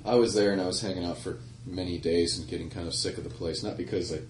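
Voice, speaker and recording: A man with a very low voice spins a loose, laughing story between songs at a live show. He sounds far from the microphone, and the room rings with echo while a guitar plays behind him. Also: fairly even intonation, fast talker. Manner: rambling, laughing anecdote with self-corrections. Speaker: singer-songwriter performing live. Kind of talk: stage banter and storytelling. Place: live music venue with audience.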